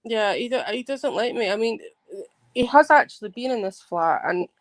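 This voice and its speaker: A woman hosting a livestream, telling a rambling story in an animated way, swearing and restarting her sentences. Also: on the high side, moderate pace, dry recording. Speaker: livestream host. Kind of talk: casual livestream chat.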